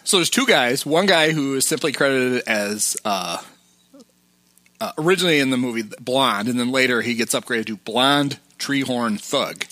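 A man's voice: mid-range voice, moderate pace, sharp tone, dry recording. A man hosting a podcast, casually retelling film scenes and quoting lines. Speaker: podcast host.

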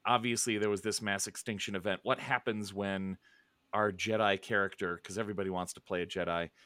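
A middle-aged man chatting casually, rambling with many restarts and soft chuckles. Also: fairly low pitch, steady tone, fairly quick, no echo. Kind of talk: casual chat.

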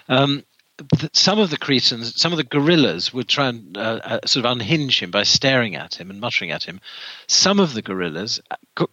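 A man's voice: mid-range voice, bright, forceful tone, no echo, muffled recording. A man guest in an interview, telling a story with many restarts and fillers. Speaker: author and guest.

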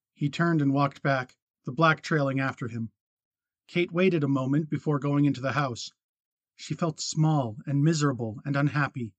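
A man narrating a western novel as an audiobook in a steady, measured reading. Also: a little high, dry recording. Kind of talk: scripted narration.

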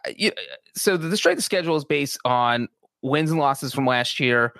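A man's voice: mid-range voice, expressive, normal speed, fairly bright tone, dry recording. Chatty man on a sports podcast. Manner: chatty, many restarts and asides. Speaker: sports writer and podcast co-host. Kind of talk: casual podcast analysis.

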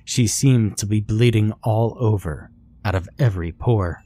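Brief: male horror-story narrator; slow, measured delivery, somewhat low voice. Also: warm tone.

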